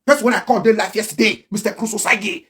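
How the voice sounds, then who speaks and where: A man's voice: high-pitched, steady tone, fast, a bit bright. A man with a Nigerian Pidgin accent ranting on a livestream, emphatic and repetitive. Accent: Nigerian Pidgin English. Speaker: blogger. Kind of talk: livestream rant.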